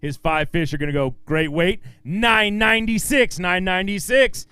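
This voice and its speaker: Upbeat high-voiced male weigh-in announcer. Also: normal speed, fairly bright tone, clean tone, no echo. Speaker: tournament weigh-in emcee. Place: outdoor fishing tournament weigh-in stage.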